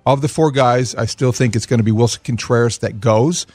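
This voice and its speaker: A man on a sports talk panel, a baseball reporter speaking in a measured, assured way. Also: mid-range voice, a little mellow, no room sound.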